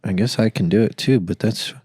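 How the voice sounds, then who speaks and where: A young man on a podcast talks in a lowish, dry-sounding voice, blunt and crude, chiming in with short wry jokes. He sounds close to the mic with no room echo. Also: a little fast, dark tone, slightly rough. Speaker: podcast co-host. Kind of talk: casual chat.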